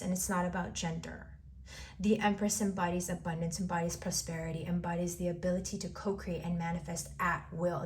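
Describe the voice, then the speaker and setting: A woman's voice: on the low side, a little mellow. Lady doing a tarot reading, encouraging, kinda rambly, repeats herself a lot. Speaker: tarot reader.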